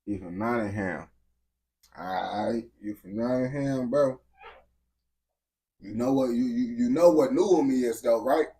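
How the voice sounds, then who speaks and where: A man hosting a casual livestream, speaking straight to his chat in loose street slang. His voice sounds husky and slightly rough. He sits at a mid pitch for a man and laughs his way through the banter. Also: a little slow, pauses often, dark tone.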